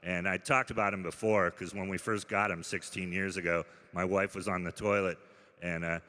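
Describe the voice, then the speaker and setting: On a comedy club stage, a male stand-up comedian tells his material in a deadpan storytelling style at normal speed, breaking into sudden loud bursts. His fairly low voice is bright and forceful, and the live sound rings with a long hall reverb.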